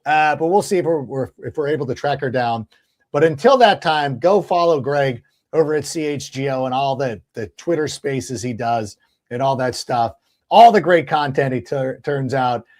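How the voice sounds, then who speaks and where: A man hosting a sports podcast, talking casually in a lively, rambling way with restarts. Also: medium pitch, moderate pace. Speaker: podcast host.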